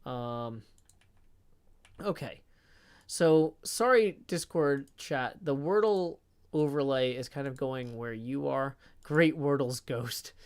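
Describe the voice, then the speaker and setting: A man's voice: mid-range voice, takes it slowly, clear, resonant tone. A man live-streaming a game, chatting casually, reading out tips and counting blocks under his breath.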